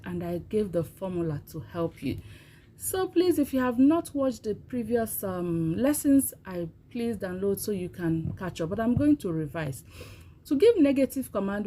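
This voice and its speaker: A woman's voice: medium pitch, dark tone. A woman teaching a language lesson, patiently repeating words for learners to say after her. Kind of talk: slow spoken language lesson.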